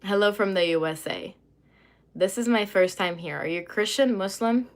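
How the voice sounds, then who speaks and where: A woman's voice: medium pitch, moderate pace. A young woman from Lebanon chatting on a livestream, rambling and losing her train of thought as she reads comments aloud. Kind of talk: casual livestream chat, reading comments.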